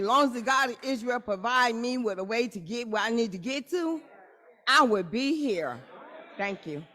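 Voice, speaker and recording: A woman's voice: a little high, lively intonation, normal speed, a bit bright, long reverb tail, some chatter behind. Eager woman greeting a church assembly. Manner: eager, thrilled. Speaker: church member.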